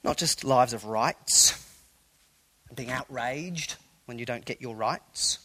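A man preaching a sermon to a congregation in a church, animated and conversational, with playful asides. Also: mid-range voice, slow, poor audio. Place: church hall before a congregation.

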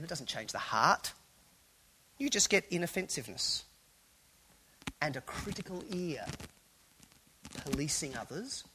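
A man preaching a sermon to a congregation in a church, animated and conversational, with playful asides. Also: a little high, slight background noise, low-quality recording. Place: church hall before a congregation.

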